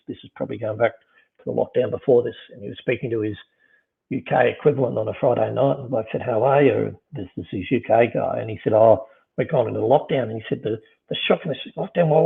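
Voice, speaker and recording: A middle-aged man talks casually and circles his points with endless fillers. His voice has a gravelly fry at its base. It sounds squeezed through a narrow, phone-like line. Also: medium pitch. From Australia. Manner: rambling, many "you know" fillers and restarts. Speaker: business leader guest. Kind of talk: casual conversation.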